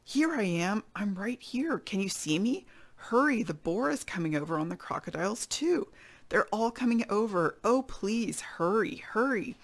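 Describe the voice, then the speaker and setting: A woman's voice: mid-range voice, animated, normal speed, pitched above the performer's own voice. Woman doing a frightened, pleading young dragon. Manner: urgent, raised and pleading.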